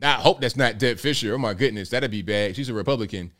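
A man hosts a live show, reacting to clips at a fast clip in a medium-pitched, slightly bright voice. He jokes in slang and laughs a lot.

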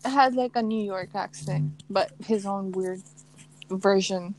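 A woman's voice: mid-range voice, a little mellow, a little hiss or hum, low-quality recording. A young woman co-hosting a casual podcast, giggling often and swearing freely in loose, rambling chat. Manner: giggly, swearing, quick asides. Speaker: podcast co-host. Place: lives in New York.

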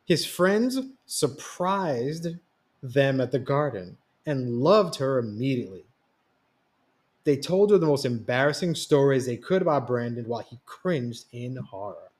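A man telling a story on a podcast in a steady, read-aloud narration. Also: medium pitch, measured pace. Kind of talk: scripted narration.

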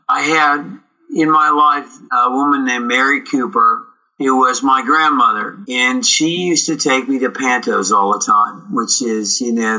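Middle-aged canadian guy telling stories, super bright voice, does the voices of people he quotes, kinda dull lo-fi audio. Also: medium pitch. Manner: animated, acts out quoted dialogue. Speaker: actor, guest. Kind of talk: casual storytelling interview.

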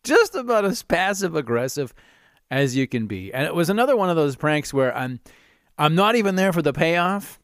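A man's voice: on the high side, very animated, moderate pace, a bit bright, no room sound, studio quality. A middle-aged man hosting his own podcast, rambling through candid stories and laughing at himself. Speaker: podcast host. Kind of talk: casual monologue.

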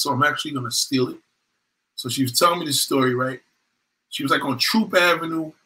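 A man hosting a casual chat, telling stories in slangy, animated street talk. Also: medium pitch, poor audio. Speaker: podcast host.

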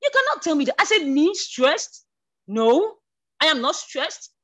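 A woman giving a spoken church testimony, stumbling over restarts, then rising to emotional, near-shouted declarations. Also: high-pitched, sing-song, a little slow. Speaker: church member sharing a testimony.

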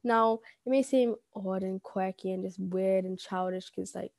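A woman's voice: medium pitch, fairly even intonation, moderate pace, vocal fry, a little mellow, dry recording. A young woman co-hosting a casual chat, rambling and giggly as she shares homemade quotes. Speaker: podcast co-host.

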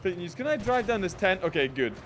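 A man's voice: sits high, big pitch swings, a little hiss or hum. A young Scottish man chatting casually on a gaming live stream, saying "mate" a lot and laughing easily. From Scotland. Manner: chatty, says "mate" often, quick laughs.

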